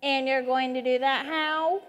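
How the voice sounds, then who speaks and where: A woman's voice: high voice, fairly even intonation, a little slow, a bit bright. A teenage girl playing a grown woman, a whiny and sarcastic accomplice, on a church stage. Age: teens. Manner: complaining and sarcastic. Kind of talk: live stage acting. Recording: long hall reverb.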